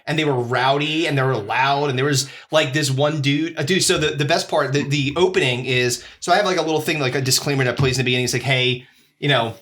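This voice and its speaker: A man's voice: medium pitch, fast, few pauses, fairly bright tone. A man co-hosting a podcast, chatting casually and acting out voices as he tells stories, with lots of swearing. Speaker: podcast co-host and comedy show host.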